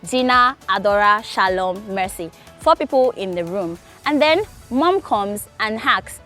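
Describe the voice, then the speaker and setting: Young woman tutor, mid-pitched voice, patient and repetitive, with faint music behind. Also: lively intonation, pushed and bright. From Nigeria. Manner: patient, repeats key points slowly. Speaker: Korean language teacher. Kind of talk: casual explanatory lesson.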